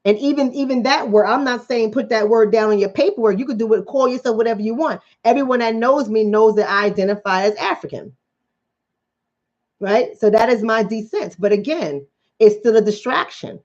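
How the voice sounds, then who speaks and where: A woman's voice: on the high side, fairly quick, a little mellow. A woman with a Bronx accent giving a blunt, fired-up vlog monologue as a commentator and coach. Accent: New York, Bronx. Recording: slightly dull lo-fi audio.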